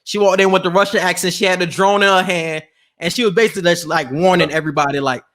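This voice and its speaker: A man co-hosting a podcast, talking in a slangy, animated way and acting out quotes in casual chat. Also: sits high, quick pace. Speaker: podcast co-host.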